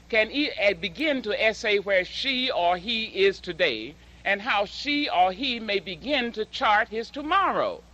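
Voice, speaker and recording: A woman giving a slow, dramatic public speech and reciting poetry with emphatic delivery. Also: medium pitch, fairly bright tone, dull audio. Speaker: public speaker and poet.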